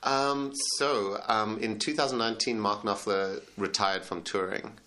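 A man's voice: on the low side, fairly even intonation, unhurried, pushed and bright. A man, a band leader answering interview questions in a hesitant way, with many fillers and restarts. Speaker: tribute band leader and singer.

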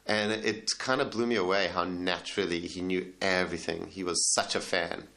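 A man's voice: low voice, steady tone, normal speed, creaky, sharp tone. A man, a band leader answering interview questions in a hesitant way, with many fillers and restarts. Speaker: tribute band leader and singer.

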